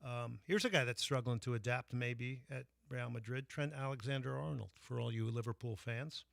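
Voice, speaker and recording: A man's voice: mid-range voice, moderate pace, vocal fry, no echo, clean studio sound. A man hosting a sports radio show, talking casually with frequent fillers and restarts. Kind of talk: casual sports talk monologue.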